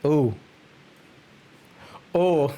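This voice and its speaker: A man's voice: a little high, drawn-out words, dark tone. A man streaming live, rating fan character art in a loose, rambling way, often restarting, swearing and laughing. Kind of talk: casual live-stream commentary.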